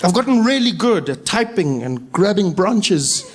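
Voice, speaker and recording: A man's voice: sits high, a little slow, crowd noise, background noise. A man in his thirties with a South African accent doing a stand-up set, acting out characters with big jumps in his voice. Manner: animated storytelling, acts out characters with big voice jumps. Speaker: stand-up comedian. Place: stage before a live audience.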